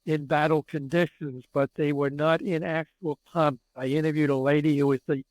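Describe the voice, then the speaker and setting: A man's voice: a little high, normal speed, dry recording, low-quality recording. A man in his eighties, a guest telling stories in an interview and acting out the dialogue in them. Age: 80s. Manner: animated storyteller who acts out dialogue. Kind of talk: storytelling interview.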